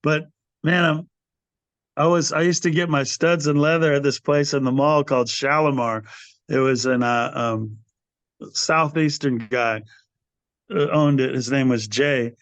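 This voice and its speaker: A man in his sixties, a guest on an interview podcast, telling stories in a casual, animated way and acting out the people he quotes. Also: medium pitch, measured pace, no echo. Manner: animated storyteller who acts out quoted people, calls the host brother. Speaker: interview guest, metal singer. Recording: dry, slightly dull podcast audio.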